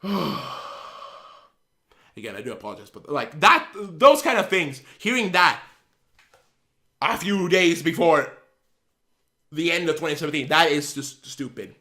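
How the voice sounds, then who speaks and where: A man's voice: on the high side, big pitch swings, a little slow, pauses often, pushed and bright. Fired-up swearing young-sounding man. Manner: heated, profane, repeats himself. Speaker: channel host. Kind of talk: angry vlog rant.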